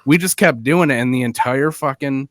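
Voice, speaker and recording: A man's voice: medium pitch, moderate pace, no echo. A man co-hosting a podcast, telling a story in casual chat and laughing at his own punchlines. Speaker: podcast co-host.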